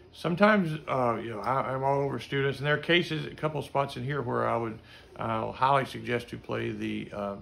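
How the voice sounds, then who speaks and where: A middle-aged man gives a casual instrument lesson, singing note syllables to show how passages should sound. His voice is on the low side and fairly bright, with vocal fry and slight background noise.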